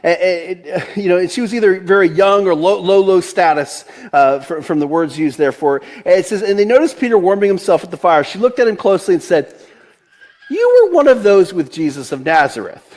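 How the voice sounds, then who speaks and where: His voice is high, sing-song and fairly quick, with a darkish tone. He's a man in his forties from Delaware, judging by his accent, preaching a relaxed, chatty sermon full of laughter, restarts and filler words.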